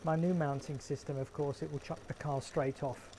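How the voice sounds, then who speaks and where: A man's voice: fairly high pitch, little pitch movement, moderate pace, background noise. A man with a London accent hosting a casual live stream from his garden shed, chatting with viewers in a wry, joking way. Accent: London English. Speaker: livestream host.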